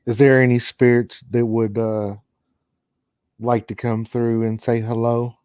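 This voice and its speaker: Slow, mellow-voiced man from Chicago. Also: medium pitch, little pitch movement, clean tone, dry recording, clean studio sound. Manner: slow, laid-back, talks to viewers and spirits. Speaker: paranormal livestream host. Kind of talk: casual live chat.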